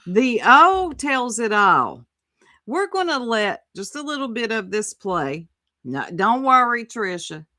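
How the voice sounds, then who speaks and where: A woman's voice: a little high, big pitch swings, takes it slowly, bright, forceful tone, dry recording, studio quality. A woman hosting a casual live-stream chat, chatty and drawling. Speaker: host.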